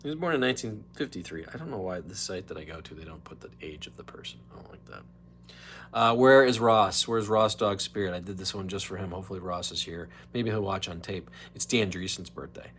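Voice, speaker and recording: A man hosting his own livestream podcast, rambling casually between topics and slipping into quick impressions. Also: low voice, a bit bright, a little hiss or hum. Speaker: podcast host. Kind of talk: casual solo livestream chat.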